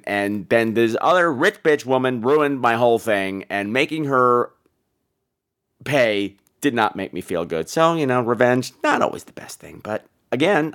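A man hosting a podcast, telling a comic personal story in an animated, indignant way. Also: mid-range voice. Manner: animated, indignant retelling with voiced asides. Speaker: podcast host.

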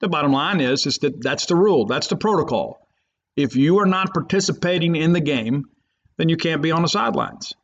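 A man's voice: fairly high pitch, lively intonation, brisk. A man hosting a sports podcast, talking in an emphatic, rambling way. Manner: emphatic, rambling, fan loyalist. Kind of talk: opinionated sports talk. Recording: muffled lo-fi podcast audio.

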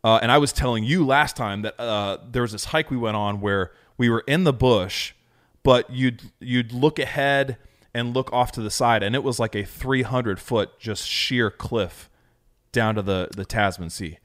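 A man's voice: mid-range voice, normal speed, fairly bright tone. A man co-hosting a casual podcast chat, talking enthusiastically and rambling with lots of fillers. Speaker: podcast co-host.

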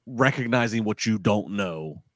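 Low-voiced man rambling on a podcast. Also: lively intonation, a little slow, fairly bright tone, no echo. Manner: rambling, many restarts. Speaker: podcast co-host. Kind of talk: casual podcast chat.

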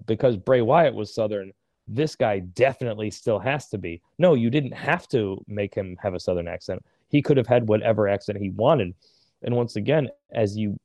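A man co-hosting a podcast in casual chat, talking haltingly with many restarts. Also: fairly low pitch, dark tone, no echo. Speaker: podcast co-host.

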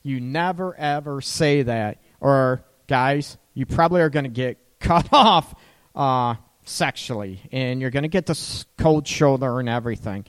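Chatty radio host with a loose, laughing delivery. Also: male voice, medium pitch, a little slow, clean tone, big-room sound. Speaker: radio show host and counselor. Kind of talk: casual radio talk.

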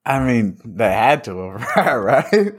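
A man co-hosting a podcast, laid-back and joking in casual chat. He swears easily and tells anecdotes from his school days. His voice sits at a middle pitch. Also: big pitch swings, slow pace. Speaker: podcast co-host.

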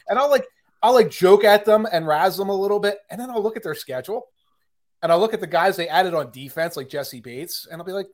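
A man's voice: high voice, expressive, fast talker. A man talking football on a podcast, chatty and opinionated, with frequent fillers and restarts. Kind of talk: casual sports podcast chat.

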